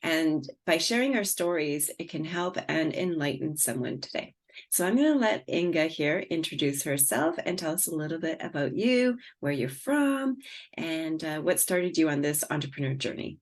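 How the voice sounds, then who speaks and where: A woman hosting a podcast interview, bubbly and encouraging, often jumping up in pitch and laughing. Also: animated, moderate pace. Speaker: podcast host. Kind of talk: casual interview conversation.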